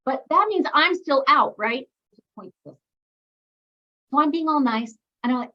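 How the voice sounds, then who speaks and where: A middle-aged woman coaching a women's group, bubbly and excitable, telling stories with lively asides. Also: high-pitched, a little slow, long pauses, lo-fi sound. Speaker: business coach leading a women's group meeting. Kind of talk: animated meeting talk with storytelling.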